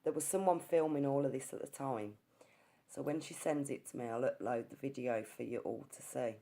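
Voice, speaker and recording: Speaking briskly in a mellow, extremely low voice, an Englishwoman recounts hunting for ghosts. She tells it sincerely as a story, sometimes beginning her words again.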